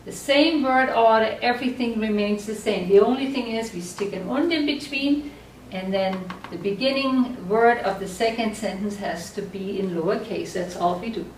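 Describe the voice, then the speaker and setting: A woman teaching a German class, explaining slowly and patiently and often checking that the students follow. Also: fairly high pitch, a little hiss or hum. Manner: slow, patient explaining with frequent check-ins. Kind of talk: classroom lecture at a board. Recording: echoey room, voice from far off.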